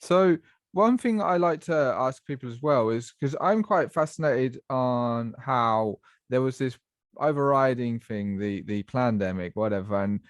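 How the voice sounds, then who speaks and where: A man's voice: medium pitch, a little slow, no room sound. Podcast host, man, musing questions, dry close sound. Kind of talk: casual podcast chat.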